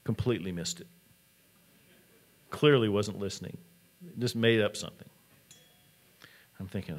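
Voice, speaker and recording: Male college president, keynote talk, relaxed storyteller, lower voice. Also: a little slow, long pauses. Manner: storytelling, conversational.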